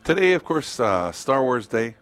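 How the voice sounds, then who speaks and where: A man's voice: mid-range voice, sing-song, normal speed, a bit bright. A man hosting a radio morning show, chatting casually and reading out birthdays and dates on a studio mic. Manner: chatty, reads out dates and birthdays, jokes around. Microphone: studio microphone.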